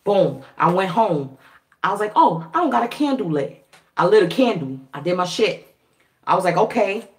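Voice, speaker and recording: A woman vlogger telling a story to her viewers in a casual, animated way, swearing freely and laughing often. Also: mid-range voice, moderate pace. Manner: animated, profane, laughing, acts out quoted voices. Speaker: spiritual reader and vlogger. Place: at home.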